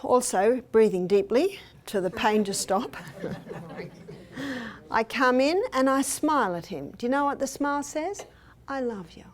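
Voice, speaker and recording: A woman's voice: fairly high pitch, expressive, unhurried. An older woman speaking at a health seminar, telling personal stories and acting out what people said. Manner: storytelling, acts out quoted speech. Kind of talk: seminar talk with personal anecdotes. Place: hotel meeting room.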